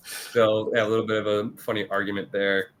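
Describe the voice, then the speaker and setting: This man's voice is monotone and fairly quick as he co-hosts a podcast's casual review chat. He frequently laughs, and when he quotes characters he acts the lines out at a higher pitch.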